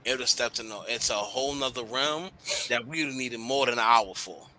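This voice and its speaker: A young man hosts a casual podcast and speaks bluntly about relationships. His voice is very bright, and his talk is loose, slangy and full of swearing. He gets animated as he makes his points. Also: mid-range voice, normal speed, slight background noise. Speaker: podcast host.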